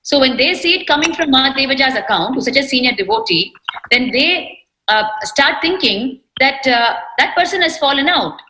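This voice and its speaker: A woman's voice: sits high, expressive, normal speed, pushed and bright, reverberant, poor audio. A woman speaking earnestly and a bit hesitantly as a devotee on a devotional panel discussion.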